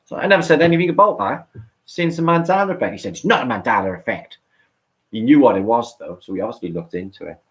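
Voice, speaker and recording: A man with a British accent, co-hosting an online chat show, talking in an excitable, rambling way and swearing often. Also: mid-range voice, fast. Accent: British English. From England. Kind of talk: rambling casual chat on a livestream.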